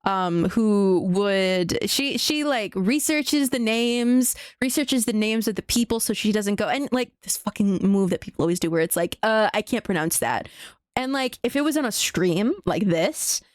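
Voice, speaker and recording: A woman's voice: mid-range voice, moderate pace, few pauses, no echo, studio quality. Profane, rambling young woman streamer. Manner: rambling, profane, animated rant with frequent restarts. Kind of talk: casual livestream chat.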